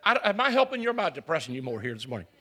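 A man's voice: a little high, big pitch swings, rapid-fire. A middle-aged man preaching a personal, emotional sermon as pastor, talking openly to his congregation. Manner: confessional, emotional, building to loud preaching.

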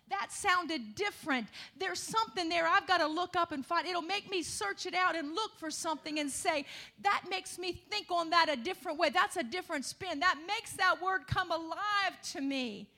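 A woman preaching a sermon, moving from conversational asides to the congregation into loud, rising emphasis with calls of hallelujah. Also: very high voice.

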